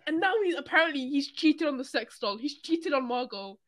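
A young man co-hosting a casual podcast, excitable and profane as he reads out odd news stories. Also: extremely high pitch, brisk. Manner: excitable, swearing, laughs while reading news. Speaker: podcast co-host.

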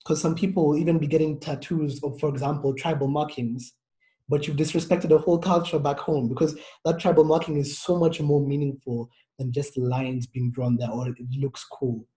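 Earnest African man, warm low tone. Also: fairly even intonation, normal speed. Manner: earnest, reflective, many fillers. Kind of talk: casual discussion.

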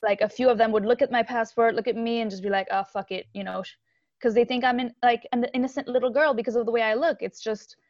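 A Haitian woman, a musician appearing as a guest, speaks candidly and animatedly in a casual video-call interview, with many fillers and laughs. Her voice is a little high and quick, and the dull lo-fi call audio has no room sound.

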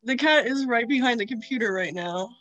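A woman on a video call, a client at a psychic reading, giving brief, soft-spoken replies. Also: on the high side, a little fast, dry recording, lo-fi sound.

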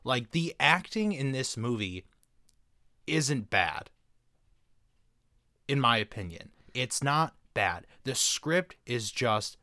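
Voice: medium pitch, very animated, slow pace, pauses often, bright, forceful tone, no echo, clean studio sound. A podcast co-host chatting casually about a movie, exasperated and laughing often. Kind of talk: casual movie review chat.

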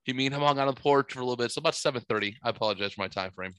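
A man's voice: medium pitch, racing, clean tone, no room sound, poor audio. A man in his forties telling a long story in casual chat, rambling and full of swearing. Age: 40s. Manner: profane, rambling, animated storyteller.

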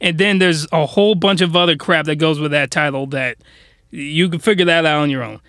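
High-voiced, animated man rambling comically. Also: a little fast, no room sound, studio quality. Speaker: podcast host. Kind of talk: casual comedic commentary.

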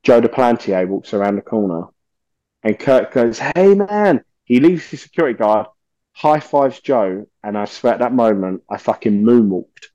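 A man, a podcast guest telling stories in a lively, swearing way and acting out the voices of people he quotes. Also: on the low side, normal speed, no room sound, dull audio. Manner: animated, swears often, acts out quoted voices. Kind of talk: casual storytelling interview.

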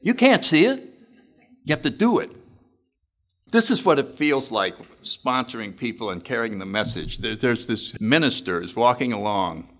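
Animated man telling recovery stories. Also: mid-range voice, normal speed. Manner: animated, acts out voices, laughs often. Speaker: speaker at a recovery meeting. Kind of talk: recovery talk storytelling.

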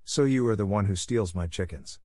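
A gruff storybook farmer , as a narrator puts him on, speaking roughly and angrily, his voice pushed higher than the narrator's own low tone. Close, dry sound. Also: moderate pace, dark tone, no echo, natural voice. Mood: angry. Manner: angry, rough.

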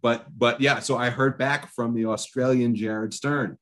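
A man co-hosting a podcast, chatting casually with wry jokes in quick bursts. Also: mid-range voice, fairly even intonation, a bit bright. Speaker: podcast co-host. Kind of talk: casual chat.

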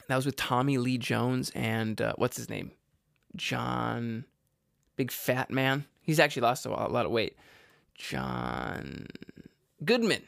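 A man's voice: medium pitch, gravelly, a bit bright, no echo, clean studio sound. A man casually rambling through movie recommendations, stumbling over words and cracking jokey asides. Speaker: vlogger reviewing movies.

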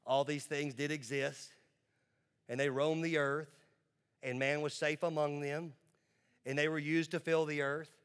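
Emphatic pastor, a man with a higher voice. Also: flat delivery, a bit bright, clear, resonant tone. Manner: emphatic, shifts between quick asides and slow drawn-out words. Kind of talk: sermon.

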